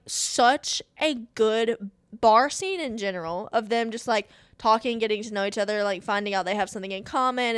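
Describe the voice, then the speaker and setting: A woman's voice: a little high, clean tone, no echo, studio quality. A young woman hosts a podcast and gushes over a favorite movie, full of fillers and squealing bursts. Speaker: podcast host. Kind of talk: excited movie review chat.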